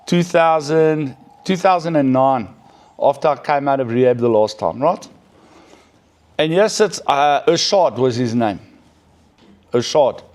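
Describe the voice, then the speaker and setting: A middle-aged man telling a personal story in a casual, animated way, often checking in with "right?". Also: on the high side. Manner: animated, peppers speech with "right?". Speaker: recovering addict sharing his story.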